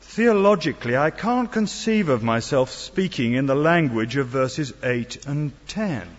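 A man's voice: fairly high pitch, expressive, measured pace. Preacher man in a reverberant hall. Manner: earnest, rhetorical questions, wry asides. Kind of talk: sermon. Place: church. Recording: dull sound in a long-reverb hall.

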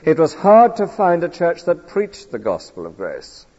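A man's voice: a little high, huge pitch swings, measured pace, dark tone. A man preaching an earnest, emphatic expository sermon in a church. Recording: dull lo-fi recording with long hall reverb.

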